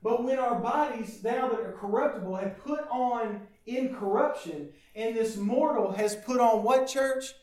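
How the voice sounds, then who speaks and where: A man preaching a sermon as pastor, animated and calling out questions to his congregation. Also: very high voice, a little slow, hardly any pauses. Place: church hall. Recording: echoey church room, mic from a distance.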